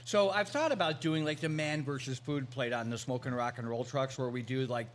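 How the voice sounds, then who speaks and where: A man's voice: medium pitch, a little fast, a little hiss or hum. A man co-hosting a casual food talk show, telling stories with enthusiasm. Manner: storytelling, enthusiastic. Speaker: co-host. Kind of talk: casual chat.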